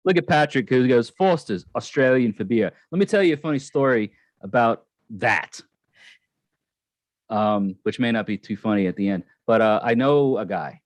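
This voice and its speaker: A man's voice: medium pitch, animated, moderate pace, no echo. A man hosting a casual live stream, telling a long rambling story with many restarts and fillers. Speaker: channel host.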